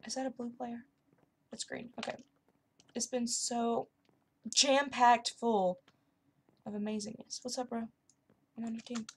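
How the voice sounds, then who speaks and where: A young woman chatting casually and excitedly while playing a video game. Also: fairly high pitch, unhurried, pauses often, slightly rough. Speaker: gaming YouTuber. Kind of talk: casual commentary over gameplay.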